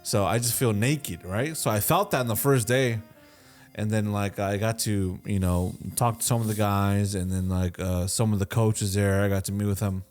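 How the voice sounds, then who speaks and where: A man co-hosting a podcast, talking in a relaxed, rambling way with many restarts. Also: medium pitch. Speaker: podcast co-host. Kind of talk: casual chat.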